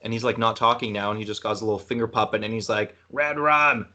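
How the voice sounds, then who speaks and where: A man's voice: fairly low pitch, level tone, very fast, pushed and bright. A man from Canada hosting a podcast, rambling through a film retelling in casual chat. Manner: rambling, retells film scenes with acted quotes. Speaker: podcast host.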